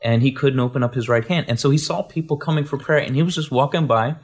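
A man shares a ministry testimony in a loose, storytelling way. He doubles back and restarts his sentences often. His voice sits at an ordinary middle pitch. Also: fast talker, slightly rough. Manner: rambling, full of restarts. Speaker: guest minister.

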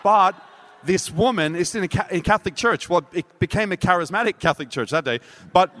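A man preaching a sermon, telling a story with animated delivery and acting out voices. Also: sits high, a little fast. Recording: reverberant hall.

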